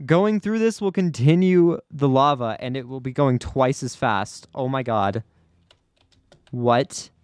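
A man's voice: mid-range voice, slow, a little mellow, smooth, no room sound. A man giving live commentary over his own gameplay, anxious and repeating himself under pressure. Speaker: gaming YouTuber.

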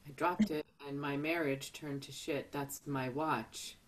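A woman's voice: sits low, fairly even intonation, measured pace. A woman voicing a boozy, dramatic woman on the edge, read over a video call. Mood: flat. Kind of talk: Zoom play reading.

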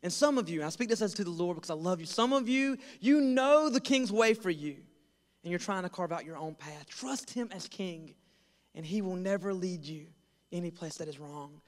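A young man preaching as a pastor, telling a funny story and acting out voices with lively, self-deprecating energy. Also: high voice, moderate pace, big-room sound. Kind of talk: storytelling sermon. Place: large church hall.

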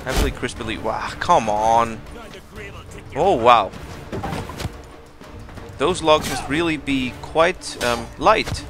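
Excitable man commentating gameplay. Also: medium pitch, takes it slowly, pauses often. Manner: excitable, exclaiming at the game, rambling asides. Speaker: let's play host. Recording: commentary over loud game music. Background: game music.

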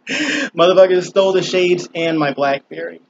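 A man's voice: sits high, big pitch swings, unhurried, creaky, lo-fi sound, a little hiss or hum. A man vlogging from a small balcony, rambling and swearing through a laid-back casual story with lots of fillers. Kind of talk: casual profane monologue. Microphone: camera on a small balcony.

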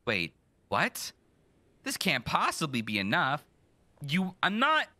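A young man streaming a horror game, swearing and joking with loud reactions. His voice is very bright and his pitch swings a lot, recorded dry on a close mic. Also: wildly swooping pitch, takes it slowly, no room sound. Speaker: gaming streamer. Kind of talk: casual let's-play commentary.

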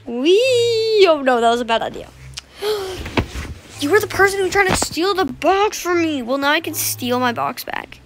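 A woman giving playful, excitable commentary as she plays a game, gasping and squealing often. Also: very high voice, moderate pace, slight background noise. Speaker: gamer. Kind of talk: casual gameplay commentary.

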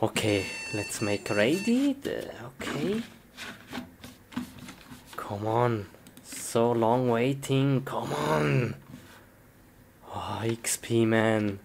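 A woman performing a comic skit in simple, broken phrasing, breaking into sudden high yelps. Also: lively intonation, very slow, pauses often, a little mellow. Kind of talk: comic live-action skit. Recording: noisy home recording.

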